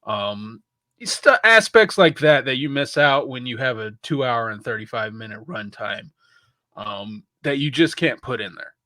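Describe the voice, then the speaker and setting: In a casual film review chat, a male podcast co-host rambles through many restarts, dropping the odd curse word. His mid-range voice is animated, unhurried, bright, and forceful, recorded with no echo.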